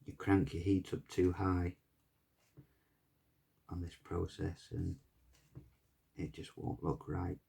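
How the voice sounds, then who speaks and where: A man's voice: low-pitched, flat delivery, takes it slowly, creaky, long pauses, mellow, husky. A man giving a casual, rambling pyrography tutorial and chatting as he works. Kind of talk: casual tutorial chat while working.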